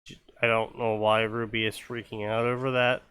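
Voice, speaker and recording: A man's voice: lowish voice, flat delivery, normal speed, fairly bright tone, clean tone, no room sound. A man hosting a podcast, casually commenting on fanfiction in a rambling way full of ums and restarts. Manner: rambling, many fillers and restarts. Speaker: podcast host.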